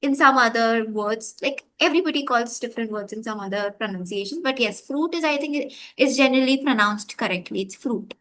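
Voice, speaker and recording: A woman's voice: on the high side, a little fast, few pauses, a bit bright, slight background noise. Woman explaining pronunciation, casual. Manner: explains patiently, with frequent "yeah" and "like". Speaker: guest. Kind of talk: casual conversation about pronunciation.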